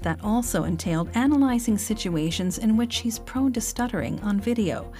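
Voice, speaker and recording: A woman giving calm, measured scripted narration and voice-over translation for a documentary. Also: medium pitch, faint music behind.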